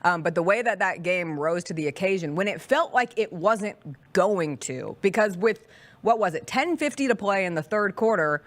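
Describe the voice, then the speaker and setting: Woman sports host, casual chat, punchy and emphatic, medium pitch. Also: lively intonation. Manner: emphatic, dramatic pauses.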